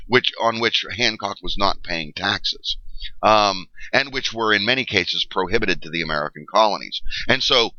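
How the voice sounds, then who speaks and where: A man's voice: lowish voice, pushed and bright, no echo. A middle-aged man giving a history lecture, explaining step by step with frequent fillers and checks of "okay?". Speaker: history teacher. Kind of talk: classroom lecture. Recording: dull lo-fi dry recording.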